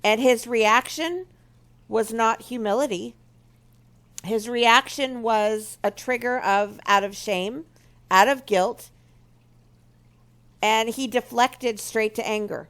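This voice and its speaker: Woman ministry speaker, bit high pitched, lots of vocal fry, earnest storytelling talk. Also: slow pace, long pauses, fairly bright tone. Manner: earnest, storytelling, acts out remembered quotes. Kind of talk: personal testimony and teaching talk.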